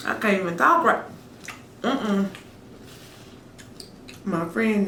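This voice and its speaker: A mukbang host with a medium-pitched, bright, forceful voice chats playfully and teasingly in a casual eating vlog, speaking slowly with frequent pauses. She hums, savors each bite, and talks while chewing with lots of "mm" sounds. The mic is distant, giving a roomy sound with slight background noise and faint ambience.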